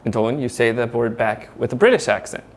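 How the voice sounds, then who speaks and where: A man's voice: medium pitch, fast talker, a little hiss or hum. A man hosting a casual interview, encouraging his guest with frequent murmurs of agreement and easy laughter. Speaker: interview host.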